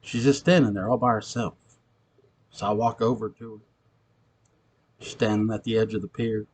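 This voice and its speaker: A man's voice: on the low side, steady tone, moderate pace, long pauses, darkish tone, husky. Gritty New York ex-con storyteller man. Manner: gritty, streetwise, profane. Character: ex-convict man recounting a ghostly encounter. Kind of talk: acted monologue, recounting a tale.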